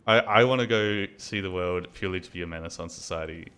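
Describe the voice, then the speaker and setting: A man's voice: deep voice, fast, fairly bright tone, clean tone. An Australian man streaming a video game, rambling and swearing casually while he talks to himself as he plays. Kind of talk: casual gaming commentary.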